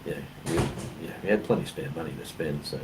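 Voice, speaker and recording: An Australian man co-hosts a casual chat, talking fast in an extremely low voice. He tells rambling stories packed with fillers. The mic is distant, and background noise is clearly audible.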